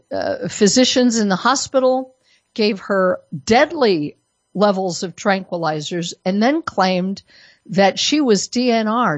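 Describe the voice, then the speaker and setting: A woman hosting a radio talk show, delivering an opinionated monologue full of sarcasm and emphatic jumps in pitch, at a studio microphone. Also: no room sound, dull audio.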